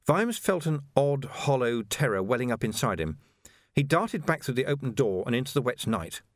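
A male audiobook narrator reads a novel with expressive, animated storytelling. His voice sits in a middle pitch and moves in a very lively way. The recording is dry and close to the mic. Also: moderate pace, no room sound. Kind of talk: scripted narration.

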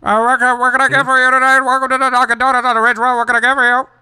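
A man putting on a chirpy high drive-thru worker. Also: completely flat delivery, very fast, pushed and bright, clean tone, in a large hall, heavily acted. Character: male drive-thru donut shop worker, upbeat.

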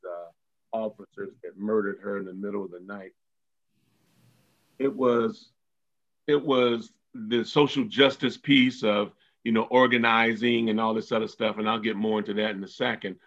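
Earnest male guest, halting and repetitive, slightly muffled lo-fi audio. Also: on the low side, steady tone, a bit bright. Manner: earnest, repeats words, many fillers. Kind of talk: conversational interview.

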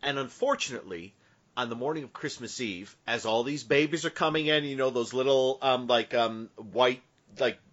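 Podcast dude rambling thru a goofy made up plot, mid voice, dull lo-fi sound. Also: male voice, mid-range voice, normal speed, fairly bright tone. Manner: playful, meandering storytelling with many asides. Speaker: podcast host. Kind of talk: casual podcast banter.

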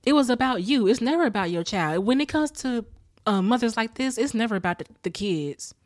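A woman's voice: on the high side, lively intonation, a little fast, no room sound, studio quality. A woman recapping a TV episode in a casual, heated rant full of profanity. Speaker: TV episode reviewer.

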